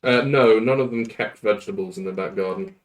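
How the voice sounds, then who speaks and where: A man running a tabletop role-playing game as game master, answering the players in a measured, deliberate way with frequent fillers. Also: on the low side, a little hiss or hum, rough recording.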